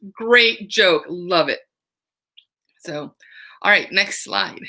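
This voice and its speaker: A woman's voice: medium pitch, very slow, bright, forceful tone. A young woman who works as a camp counselor, giving a cheerful, playful online music lesson for children.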